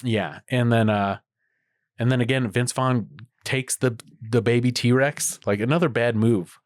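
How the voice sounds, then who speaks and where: A man's voice: mid-range voice, unhurried, dry recording. A man co-hosting a podcast in casual chat, rambling with lots of fillers and restarts. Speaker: podcast co-host.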